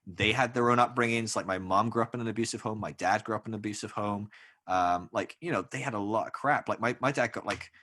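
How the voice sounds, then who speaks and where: A man in a casual podcast conversation, speaking candidly and haltingly with lots of fillers. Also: lowish voice, sharp tone.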